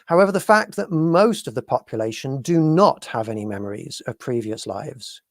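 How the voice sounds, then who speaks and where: A man from the UK co-hosting a live paranormal talk show, speaking in a measured, hesitant way as he searches for words. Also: mid-range voice, expressive, no echo, clean studio sound. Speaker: podcast co-host.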